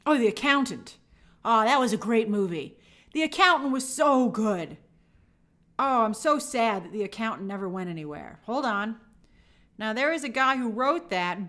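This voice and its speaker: A woman's voice: high voice, normal speed. A woman hosting an entertainment news show, talking in a casual, sarcastic and exasperated way. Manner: animated, sarcastic, exasperated asides. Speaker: show host. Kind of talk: casual opinionated commentary.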